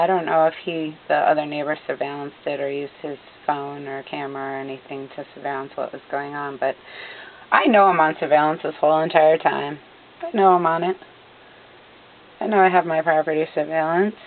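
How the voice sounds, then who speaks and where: A woman's voice: low voice, a little hiss or hum. A woman narrating her own recorded video in an agitated, indignant way, repeating herself often. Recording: tinny phone-like audio.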